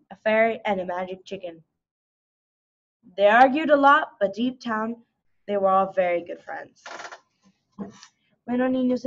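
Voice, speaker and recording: A woman reading a storybook aloud to children, lively and with small restarts, over a slightly dull lo-fi recording. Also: a little high. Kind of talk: reading a picture book aloud.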